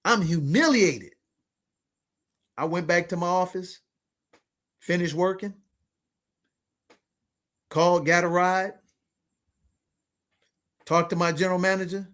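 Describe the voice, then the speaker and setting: A man in his fifties telling a motivational story to his listeners, animated and slangy, often calling out to them as ladies and gentlemen. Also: high voice, a little slow, pauses often. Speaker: podcast host and money coach.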